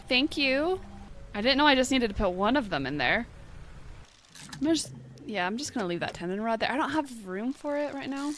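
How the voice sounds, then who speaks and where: Bright-voiced woman narrating her gameplay. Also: fairly high pitch, slight background noise. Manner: chatty, thinks aloud, quick startled reactions. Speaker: gaming channel host. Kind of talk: casual gameplay commentary, reading game text aloud.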